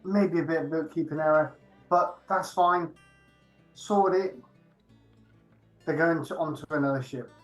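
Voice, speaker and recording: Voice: mid-range voice, measured pace, long pauses, soft background music. A player in a tabletop game, talking casually and reassuringly.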